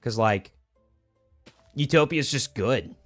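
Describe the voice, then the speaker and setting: A man's voice: medium pitch, expressive, slow, fairly bright tone, no room sound, soft background music. A young man streaming a game, chatting casually in a laid-back, rambling way with many fillers and restarts. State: hiccuping. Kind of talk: casual gaming stream chat.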